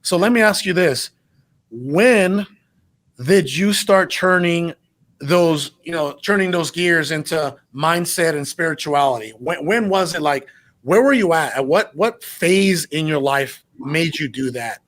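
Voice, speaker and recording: Eager host with a higher male voice. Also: lively intonation, unhurried, a bit bright. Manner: enthusiastic, probing questions. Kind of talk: interview conversation.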